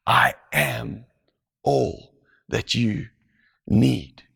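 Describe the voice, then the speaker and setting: Male preacher, husky, unhurried delivery, hushes down for emphasis. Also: mid-range voice. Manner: slow, deliberate, drops to a hush for emphasis. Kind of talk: sermon.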